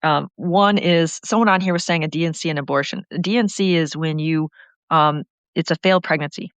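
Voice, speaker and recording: Brisk and low-voiced, a woman delivers a passionate, rambling political talk that never seems to stop. There's no room sound, just a dull lo-fi recording.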